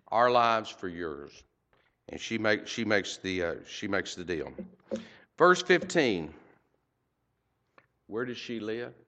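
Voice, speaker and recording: A man's voice: mid-range voice, fairly bright tone, highs cut off. An older man teaching a Bible passage verse by verse, folksy, with rhetorical questions and personal stories.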